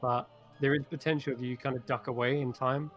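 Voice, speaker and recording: A man runs a tabletop game session, describing scenes and monster moves with playful energy. His voice sits at an ordinary pitch, heard over a voice-call mic. Soft music hums faintly behind him. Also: flat delivery, a little fast. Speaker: game master.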